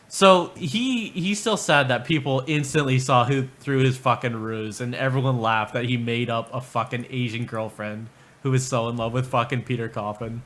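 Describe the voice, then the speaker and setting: A man's voice: medium pitch, moderate pace, a bit bright. A man ranting on a livestream in a crude, rambling, mocking way, often breaking into laughter. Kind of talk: profane livestream rant.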